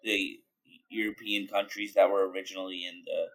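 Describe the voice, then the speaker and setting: A man's voice: sits low, flat delivery, a little fast. A man in casual chat, asking curious follow-up questions. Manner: curious, asks clarifying questions.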